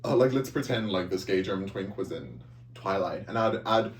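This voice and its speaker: A man co-hosting a casual podcast chat, telling stories in an animated, playful way with crude jokes. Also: low-pitched, normal speed. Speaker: podcast co-host. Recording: echoey room from a distance, faint hum.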